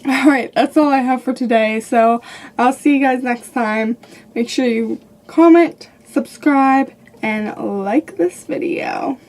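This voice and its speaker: Chatty high-voiced woman reviewing makeup. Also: slow, darkish tone. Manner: upbeat, gushing, repeats "definitely" and "really". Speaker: beauty product reviewer. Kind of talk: casual chatty product review.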